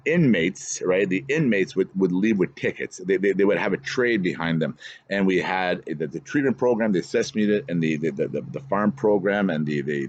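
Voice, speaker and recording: A middle-aged man talking in a rambling podcast monologue, often repeating and restarting his words. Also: low-pitched. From Canada. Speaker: podcast host. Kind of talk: casual monologue. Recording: dull lo-fi sound.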